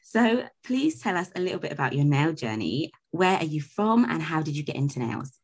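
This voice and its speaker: A woman's voice: low-pitched, big pitch swings, a little fast, slightly rough. A woman hosting a podcast, introducing her guest and chatting in a gushing, enthusiastic way. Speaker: podcast host. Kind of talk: podcast intro and interview chat.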